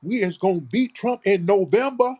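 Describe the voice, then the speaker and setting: A man's voice: sits high, expressive, moderate pace, a little mellow, slightly rough, pitched above the performer's own voice. A man putting on a mocking impression of a woman politician with an exaggerated folksy drawl. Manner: exaggerated, sneering caricature.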